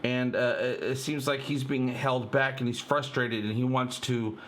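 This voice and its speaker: Chatty fan guy rambling thru a trailer breakdown, lots of uhs, gets worked up and loud. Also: medium pitch, normal speed, slight background noise. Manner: excitable, rambling, many fillers, addresses viewers as "you guys". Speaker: channel host.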